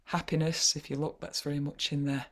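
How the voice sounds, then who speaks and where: A woman with a Yorkshire accent leading an online poetry workshop over a video call, chatty and wry, often pausing with "uh". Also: deep voice, flat delivery. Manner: chatty, wry, frequent hesitations.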